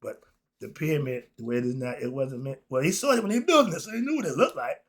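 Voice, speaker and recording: A man lecturing on history with passion and speaking. He swings between loud outbursts and low asides and laughs often. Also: lively intonation, quick pace.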